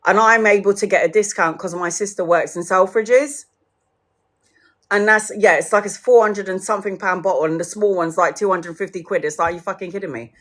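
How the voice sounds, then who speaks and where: A woman's voice: medium pitch, steady tone, normal speed, fairly bright tone. A woman, ranting casually to her viewers, swearing freely and laughing often as she acts out what others said. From United Kingdom. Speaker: tarot livestreamer.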